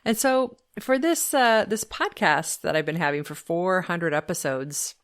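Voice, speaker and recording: Fitness lady talking on her podcast, lowish voice, lots of ums, upbeat storytelling. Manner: chatty storyteller, upbeat, many fillers. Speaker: podcast host. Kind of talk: casual solo podcast talk.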